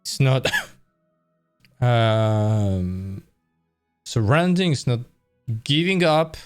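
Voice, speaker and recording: A man's voice: mid-range voice, big pitch swings, drawn-out words, clean tone, soft background music. Tired man rambling on a stream. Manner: rambling, self-correcting, conversational. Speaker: art stream host. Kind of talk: casual live-stream talk.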